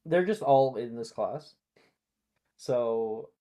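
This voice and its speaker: A playful game master narrates a tabletop role-playing session, joking with the players between scenes. The pitch swings widely and lively. Delivery is loose and chatty. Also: measured pace. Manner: animated, playful, with fillers and restarts.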